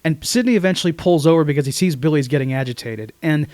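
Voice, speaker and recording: A man with a slightly high voice talks through a movie on a podcast, jumping into the characters' lines as he goes. The sound is dry and close to the mic, with no room around it. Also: fast, no echo. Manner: animated retelling of scenes, quotes characters. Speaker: podcast co-host. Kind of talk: casual movie podcast chat.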